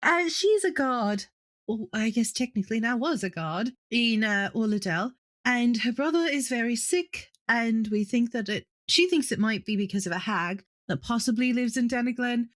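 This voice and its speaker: A woman's voice: a little high, expressive, normal speed, natural voice. A woman voicing a flustered young woman adventurer in a tabletop game, rambling nervously.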